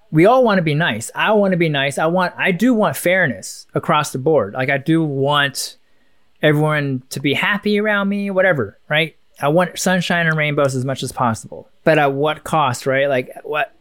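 A man's voice: fairly high pitch, moderate pace, fairly bright tone, dry recording, studio quality. A man co-hosting a casual podcast, thinking aloud in a musing, rambling way with many restarts. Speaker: podcast co-host.

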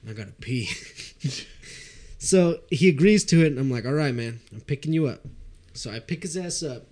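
A young man telling a drinking story in casual chat, animated and profane, often laughing. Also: on the high side, normal speed.

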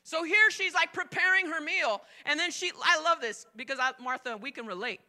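A middle-aged woman pastor preaching a sermon, telling the story with energy and acting out the quotes, swinging between loud and soft. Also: high voice, normal speed.

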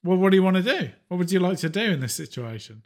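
A man narrating and running a tabletop game as game master, with many fillers and pauses. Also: sits high, big pitch swings, darkish tone.

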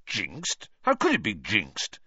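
An eager, excitable young team captain, read by a man for an audiobook, his voice leaping high in lively bursts. The recording is dry and a little dull. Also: takes it slowly, breathy edge, dry recording, full character voice. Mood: incredulous.

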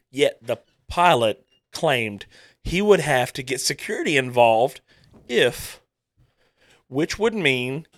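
A young man hosts a rowdy podcast with friends, telling crude stories loudly and laughing often. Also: medium pitch, no room sound, studio quality. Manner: loud storyteller, laughs often, crude jokes. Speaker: podcast host. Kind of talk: rowdy casual podcast banter.

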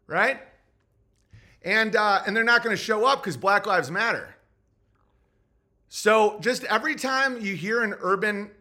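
A man's voice: high voice, bright, forceful tone. A man hosting a podcast, ranting in a sarcastic, profane, mocking way. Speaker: podcast host. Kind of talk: podcast rant.

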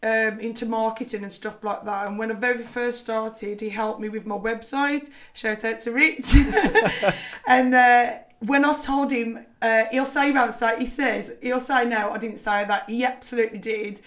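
Chatty Scouse woman, fairly high voice. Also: fairly even intonation, measured pace, fairly bright tone. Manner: chatty, lots of "like" fillers, laughs often. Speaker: guest, personal trainer and business owner. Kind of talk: casual podcast chat.

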